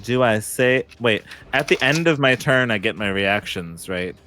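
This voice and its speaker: A man chatting casually as a player in a tabletop game, rambling with quick jokes and asides. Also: medium pitch, animated, sharp tone, soft background music.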